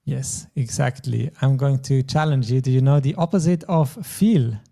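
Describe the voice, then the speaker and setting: Patient male German teacher, mellow voice. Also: mid-range voice, normal speed, creaky. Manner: patient, explains step by step. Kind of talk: language lesson.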